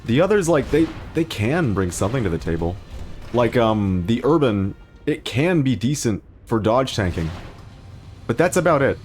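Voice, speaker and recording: A man's voice: medium pitch, sing-song, normal speed, darkish tone. A man streaming a game and chatting casually over it, with a middling voice that breaks into laughter often. He talks loosely and pokes fun at himself, and faint music plays underneath. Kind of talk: casual gaming commentary.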